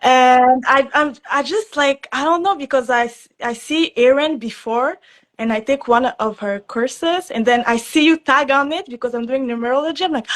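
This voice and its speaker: A woman's voice: high voice, moderate pace. A woman from Quebec with a Québécois French accent, speaking English as a second language as a caller on a live stream, hesitant and searching for words with frequent laughs. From Quebec, Canada. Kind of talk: casual conversation.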